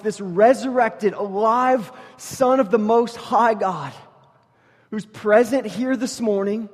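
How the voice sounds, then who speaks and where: A man with a notably high voice preaches from the pulpit, his words trailing off into the long reverb of a church hall. He swings between loud, emphatic declarations and near-hushed intensity. He keeps the congregation close with joking asides and stories. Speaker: pastor. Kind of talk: sermon. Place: church sanctuary.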